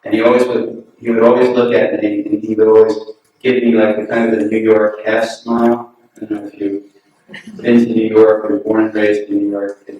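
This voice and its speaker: A man giving an anecdotal remembrance at a memorial gathering, telling relaxed stories and chuckling often. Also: lowish voice, normal speed, lo-fi sound. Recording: very echoey hall, distant mic, noisy.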